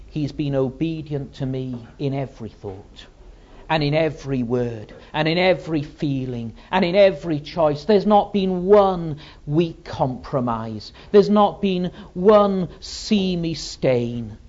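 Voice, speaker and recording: Brief: God the Father, put on by a male preacher: grave ancient deity, slow, solemn repeating cadences, dull lo-fi sound. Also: fairly high pitch, lively intonation, pitched above the performer's own voice. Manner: solemn, repetitive cadences, swings from hushed to loud. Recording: dull lo-fi sermon recording.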